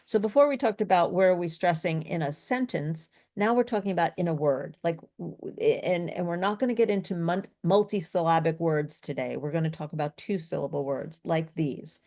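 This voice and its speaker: A woman's voice: on the low side, normal speed, darkish tone. A woman teaching a live pronunciation lesson, explaining step by step and correcting herself as she thinks aloud. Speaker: speech coach.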